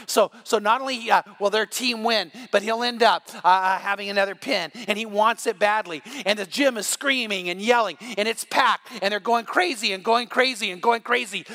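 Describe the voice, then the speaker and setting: Bright high-voiced male pastor preaching. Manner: storytelling, building to shouts at the climax. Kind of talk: sermon.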